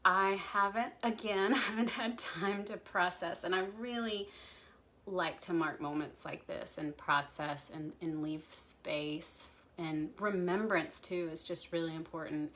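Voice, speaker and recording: A woman with a fairly low voice talks casually to a livestream audience. She is reflective and halting, full of ums and restarts as she remembers someone close to her. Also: sharp tone. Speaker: pastor hosting a livestream chat.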